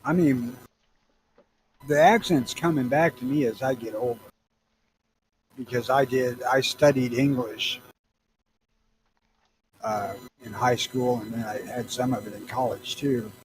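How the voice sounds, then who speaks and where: A man's voice: medium pitch, steady tone, measured pace, pauses often, a little hiss or hum, low-quality recording. A middle-aged man from Missouri with a Southern accent, rambling crudely and profanely as a podcast co-host. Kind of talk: casual chat.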